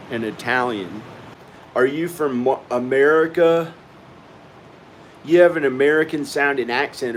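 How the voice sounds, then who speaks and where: A man's voice: medium pitch, fairly bright tone, poor audio. A man vlogging at home in a casual, rambling monologue, often repeating himself as he talks to the viewer. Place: at home indoors.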